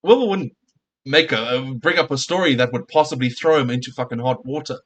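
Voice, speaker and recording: A man ranting on stream, heated and full of swearing. He keeps firing rhetorical questions and answers them himself. His voice sits at a middling pitch. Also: a little fast, a bit bright. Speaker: streamer reacting to a clip. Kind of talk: casual reaction rant.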